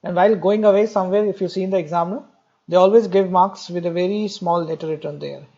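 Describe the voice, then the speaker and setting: In a recorded exam-prep lecture on a muffled recording, a man with a high, mellow voice explains medical material step by step, fast and in a steady tone. He repeats key terms and addresses students directly, adding light jokes.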